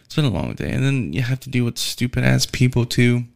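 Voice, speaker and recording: A man's voice: mid-range voice, expressive, fairly quick, creaky. A man working as a delivery driver tells a casual, rambling storytime rant, swearing heavily and sounding weary and fed up. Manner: profane and rambling, heavy swearing.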